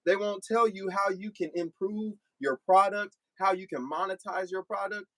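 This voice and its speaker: A young man streaming live, talking back to commenters in a blunt, animated way. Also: high voice, normal speed, no echo. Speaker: livestreamer. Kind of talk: casual livestream talk to commenters.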